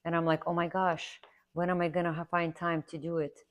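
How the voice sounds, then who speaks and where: Low-voiced woman chatting while she draws. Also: little pitch movement, a little fast. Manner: rambling, earnest, repeats herself for emphasis. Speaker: art instructor. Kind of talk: casual chatty tutorial while drawing.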